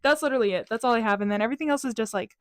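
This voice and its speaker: A woman's voice: a little high, racing, no echo. A young woman vlogger talking casually and upbeat through her journal pages, with a chatty, self-mocking manner.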